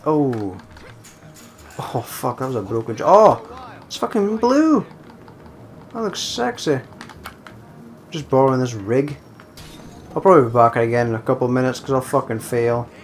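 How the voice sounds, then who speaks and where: A young man giving casual let's-play commentary, muttering and swearing at the screen, with sudden loud bursts when he wins. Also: mid-range voice, expressive, moderate pace, pauses often, soft background music. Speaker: gameplay commentator.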